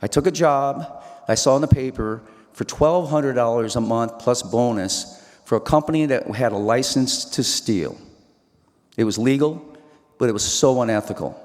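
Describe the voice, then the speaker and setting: A man's voice: medium pitch, darkish tone. A man giving an earnest talk about his life, recalling scenes and quoting dialogue as a storyteller. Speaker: speaker. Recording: hall reverb.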